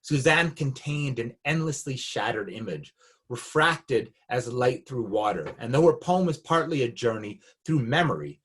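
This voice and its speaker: A man giving an academic seminar talk, reading from his paper in a measured, reflective way. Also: mid-range voice, animated, a bit bright, slightly rough. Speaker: academic speaker. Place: Canada.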